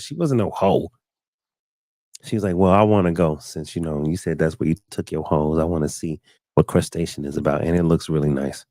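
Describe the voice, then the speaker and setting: A man in his thirties hosting a live talk stream, telling a personal story casually and acting out quoted lines with sudden high jumps in his voice. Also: brisk, dry recording, studio quality. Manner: animated storyteller, acts out quotes with big pitch jumps. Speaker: show host. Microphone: studio mic, live stream.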